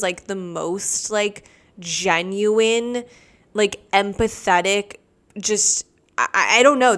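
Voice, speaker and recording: A woman's voice: mid-range voice, a bit bright, clean tone. A young woman hosting a solo podcast, rambling casually with lots of "like" and dramatizing everyday mishaps. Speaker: podcast host.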